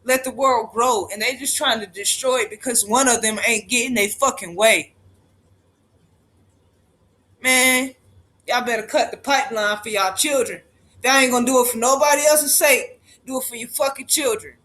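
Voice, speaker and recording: A man's voice: very high voice, moderate pace, sharp tone. A man on a livestream, delivering an impassioned rant, profane and emphatic, repeating lines for force.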